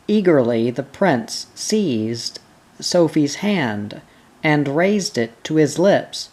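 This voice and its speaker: An audiobook reader narrating a historical novel in a measured, steady way. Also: medium pitch.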